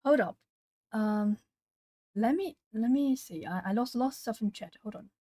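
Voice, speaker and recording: A woman's voice: a little high, a little slow, no echo. Chatty woman streaming live to her chat. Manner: chatty, talking to chat while colouring; animated when retelling stories. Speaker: YouTube art channel host. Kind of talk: casual livestream chat.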